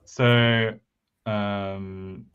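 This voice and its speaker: A man co-hosting a casual chat, speaking hesitantly with many pauses and fillers. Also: on the low side, steady tone, a bit bright, slight background noise. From United Kingdom. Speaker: podcast co-host. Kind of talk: casual chat about language building. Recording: slightly dull lo-fi mic.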